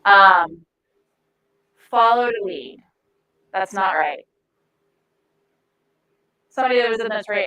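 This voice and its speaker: A woman's voice: mid-range voice, bright, forceful tone, poor audio. A woman giving a live training talk to a group in a room, conversational and often searching for words mid-sentence. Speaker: de-escalation trainer.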